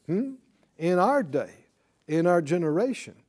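Man, Bible teacher, call-and-response, high lively voice, mellow tone, repeats key words. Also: a little slow. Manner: asks the class questions and has them repeat lines.

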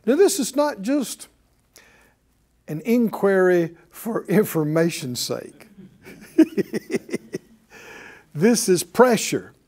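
A man's voice: high-pitched, very animated, drawn-out words, long pauses, darkish tone. A man teaching a sermon in a conversational way, asking his listeners questions and chuckling often. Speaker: preacher.

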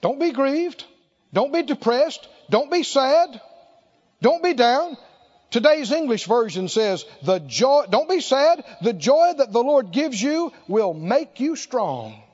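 A man's voice: very high-pitched, big pitch swings, slow pace, darkish tone, lo-fi sound. A man preaching a sermon, emphatic and exclaiming, repeating short phrases for effect.

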